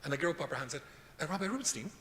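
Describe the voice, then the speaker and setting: A man's voice: fairly high pitch, lively intonation, rapid-fire, fairly bright tone. A middle-aged man, a rabbi giving a jokey, self-deprecating lecture full of stories. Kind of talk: humorous lecture with storytelling. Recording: reverberant hall with faint noise.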